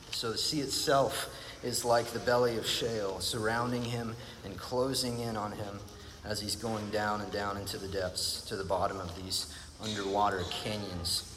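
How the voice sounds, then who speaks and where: A man's voice: mid-range voice, fairly bright tone. A man giving a sermon, speaking earnestly and reflectively and repeating phrases for emphasis. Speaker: preacher. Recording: long reverb, faint background noise.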